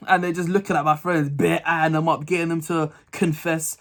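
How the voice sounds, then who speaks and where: A man's voice: a little high, normal speed. A young man telling a school story to his channel, acting out the voices and laughing often. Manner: animated, acts out dialogue, laughs a lot. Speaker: vlogger. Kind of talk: casual storytime.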